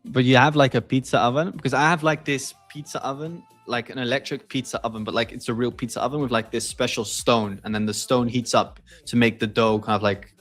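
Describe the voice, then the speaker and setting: A man's voice: medium pitch, a little fast, few pauses, soft background music. A man whose first language is Portuguese, chatting casually and laughing as he hosts a livestream. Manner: relaxed, chatty, laughs often, many fillers. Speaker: stream host.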